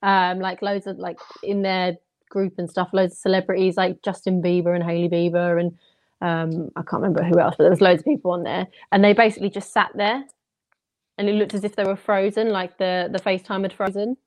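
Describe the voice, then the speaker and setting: A woman's voice: lowish voice, flat delivery, brisk, darkish tone. A woman from England co-hosting a casual podcast chat, bubbly and confident, rambling as she talks. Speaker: podcast co-host. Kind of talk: casual group chat on a video call.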